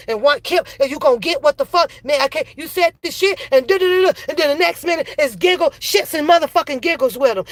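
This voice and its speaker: A woman's voice: sits high, fairly bright tone, no echo. A woman ranting angrily in a commentary video, profane and repetitive. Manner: heated, profane, repeats phrases. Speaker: commentary vlogger.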